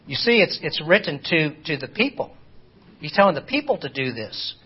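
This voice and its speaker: Husky guy teaching bible study, kinda high voice, stumbly, dull lo-fi audio. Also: big pitch swings. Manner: halting, repeats words, asks rhetorical questions. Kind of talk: informal Bible study lesson. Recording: dull lo-fi recording.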